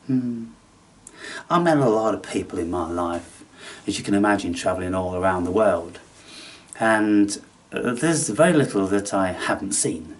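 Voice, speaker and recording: A man hosting a spiritual channel, talking in a theatrical, taunting way that swings between loud outbursts and hushed asides. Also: fairly low pitch, measured pace, distant mic. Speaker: channel host. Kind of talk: spiritual vlog monologue.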